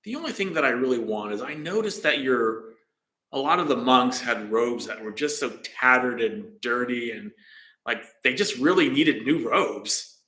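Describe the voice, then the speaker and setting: A man voicing a clever, calm court physician in a dharma talk, casual, matter-of-fact and persuasive. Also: mid-range voice, normal speed. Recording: roomy echo.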